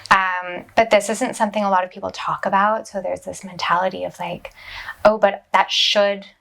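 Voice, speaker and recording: A woman with a gravelly, creaky edge to her mid-pitched voice talks as a sex therapist guest on a podcast. She explains things emphatically and cheerfully agrees with "a thousand percent.". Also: fairly even intonation, a little fast, fairly bright tone. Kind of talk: casual podcast interview.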